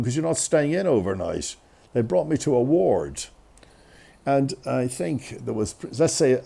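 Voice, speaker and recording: Gravelly man telling a comic story. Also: medium pitch. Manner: animated, self-mocking.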